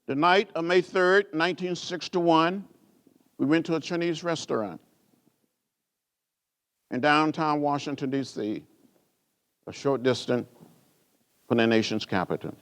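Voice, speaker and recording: A man speaks at a gala. His voice sits a little high, and he swings between low, quiet phrases and soaring, repeated lines in a preaching rhythm. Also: measured pace, long pauses. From rural Alabama. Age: 70s. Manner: preacher-like cadence with rising repeated phrases and big pitch swings. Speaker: award honoree giving a speech. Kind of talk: speech to an audience, storytelling and oratory. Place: indoor gala event.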